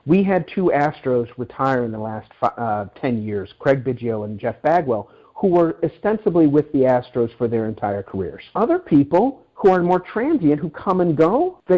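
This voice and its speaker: A middle-aged man being interviewed as an author, telling stories animatedly with frequent restarts and repeated words. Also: a little high. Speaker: guest author. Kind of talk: interview storytelling. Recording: dull lo-fi audio.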